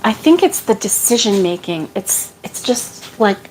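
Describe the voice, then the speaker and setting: Slow-talking woman vlogger sorting yarn. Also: medium pitch, very animated, darkish tone, a little hiss or hum, low-quality recording. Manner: chatty, self-deprecating, laughs often. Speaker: crochet vlogger. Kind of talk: casual chat while sorting yarn.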